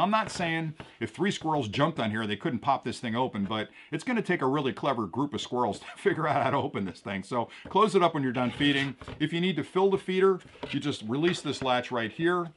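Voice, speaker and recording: A man reviewing a gadget on camera, explaining each step of the setup in a relaxed, chatty way with the odd chuckle. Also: mid-range voice, a little hiss or hum. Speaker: product reviewer. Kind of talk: hands-on product demonstration.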